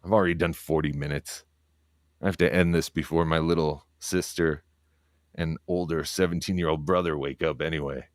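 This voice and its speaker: Low-voiced man cursing on a livestream. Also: fairly even intonation, normal speed, dry recording, clean studio sound. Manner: profane, rambling storytelling; talking quietly so as not to wake others. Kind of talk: casual livestream monologue. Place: home at night.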